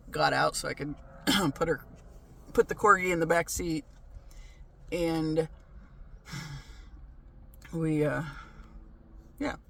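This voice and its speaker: A man's voice: on the high side, gravelly, fairly bright tone. A man telling a story in a casual vlog, ranting, swearing freely and laughing often. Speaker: vlogger.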